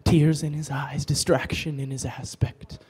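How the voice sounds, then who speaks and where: A man performing a brooding, self-reproaching young prince as a stage soliloquy at a bookstore open mic, swinging between hushed lines and loud outbursts. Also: fairly high pitch, little pitch movement, measured pace, husky.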